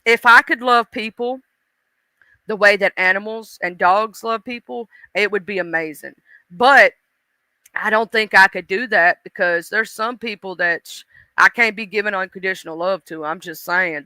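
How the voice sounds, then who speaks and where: Woman streamer, chatty and laughing, very bright, crisp voice. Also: mid-range voice, normal speed, dry recording, rough recording. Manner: chatty, laughing, talks to chat viewers. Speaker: live stream host. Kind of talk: casual live stream chat.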